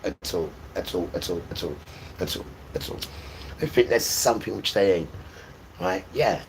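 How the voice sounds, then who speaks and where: A man's voice: on the low side, a bit bright, slight background noise, rough recording. A man, preaching and insulting people on a live stream, repeating his phrases as he goes. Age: 50s. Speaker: livestreamer. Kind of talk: live-stream religious rant.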